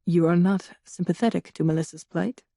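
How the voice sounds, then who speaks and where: A woman voicing a mysterious male supernatural being who speaks in a low, soothing, measured way. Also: vocal fry, mellow, dry recording, clean studio sound.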